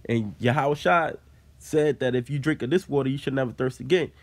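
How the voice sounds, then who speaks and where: Speaking a little fast in a medium-pitched voice, a Bible teacher reads scripture aloud. He then explains it in casual talk, leaning on fillers like "man," during an informal study.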